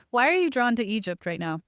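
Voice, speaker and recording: A woman's voice: fairly high pitch, a bit bright, clean tone, no room sound. Affirming woman podcast host, dry sound. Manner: affirming, eager, often laughing along. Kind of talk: casual interview chat.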